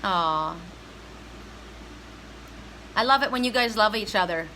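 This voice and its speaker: Bright-voiced woman psychic reader. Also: mid-range voice, animated, slow pace, a little hiss or hum, poor audio. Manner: emphatic, heartfelt, talks straight to viewers. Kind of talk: live-stream spiritual reading.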